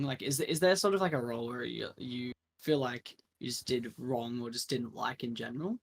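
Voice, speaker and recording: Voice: mid-range voice, normal speed, hardly any pauses. A podcast co-host asking a guest a question in a hesitant way, with many likes and restarts. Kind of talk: casual podcast conversation.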